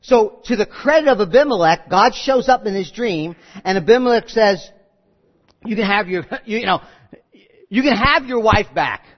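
A man preaching a sermon, telling stories with quoted voices and lively asides. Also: sits high, normal speed. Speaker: pastor. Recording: muffled audio with long hall reverb.

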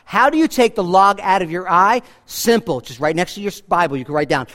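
A man's voice: high-pitched, expressive, fairly quick, few pauses, a bit bright. A man preaching a sermon as pastor, earnest and conversational, with emphatic asides to the congregation. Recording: reverb from a large hall.

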